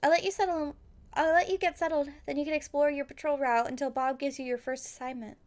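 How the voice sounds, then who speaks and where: A woman's voice: high voice, fairly even intonation, fast, natural voice. A woman voicing a friendly young security guard welcoming a new colleague.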